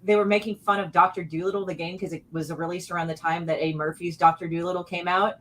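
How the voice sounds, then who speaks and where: A woman's voice: lowish voice, steady tone, fast talker, a little hiss or hum, low-quality recording. A woman chatting casually on a group call, laughing often and rambling through her stories. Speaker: panel guest.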